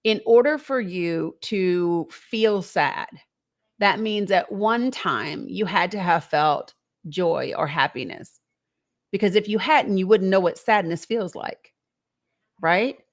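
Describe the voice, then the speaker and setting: A woman's voice: mid-range voice, slow. A woman hosting a live call-in show, talking in a conversational, reflective way and asking her listeners rhetorical questions. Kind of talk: encouraging live-stream talk.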